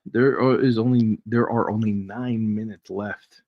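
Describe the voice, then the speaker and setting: A man's voice: fairly low pitch, fairly even intonation, measured pace, no room sound. A man hosting a casual live trading stream, chatty and jokey, chuckling as he reads charts aloud. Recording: dry, dull lo-fi stream audio.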